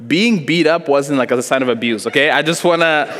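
A man's voice: fairly high pitch, fairly quick. Young man preaching in an echoing hall. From Africa. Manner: animated, joking, acts out voices in his story. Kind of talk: sermon with storytelling. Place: church hall before a congregation. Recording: long hall reverb.

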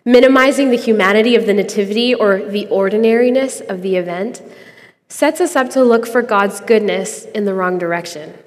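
A woman's voice: medium pitch, fairly quick, long reverb tail. A young adult woman hosting a podcast, giving an earnest, conversational devotional reflection and laughing easily.

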